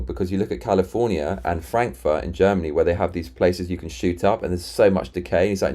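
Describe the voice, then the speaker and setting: A man with a very low, deep voice chats casually on a live stream. He rambles, restarts sentences and retells arguments with friends. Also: quick pace, dark tone. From Britain. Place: London.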